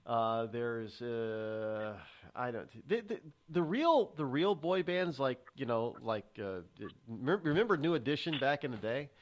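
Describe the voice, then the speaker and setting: A man's voice: medium pitch, animated, unhurried. A man hosting a casual talk show, rambling with many restarts and fillers as he tells stories. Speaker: host. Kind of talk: casual chat.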